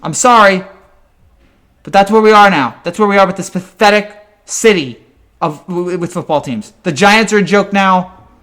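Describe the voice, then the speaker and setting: A man delivers a fan reaction rant in a voice pitched well above most men's. He sounds exasperated throughout and keeps tripping over his words, restarting sentences as he vents. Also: normal speed, fairly bright tone. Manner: exasperated and ranting, with frequent stammered restarts. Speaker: sports fan commentator.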